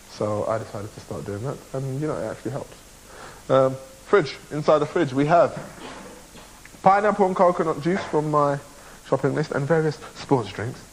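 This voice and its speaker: A man's voice: medium pitch, expressive, moderate pace, long pauses, rough recording. Chatty young man with camcorder hiss. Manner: chatty, rambling, playful asides. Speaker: contestant filming a video diary. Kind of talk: casual handheld video tour. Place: large house indoors and on a balcony. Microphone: handheld camcorder mic. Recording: faint hiss.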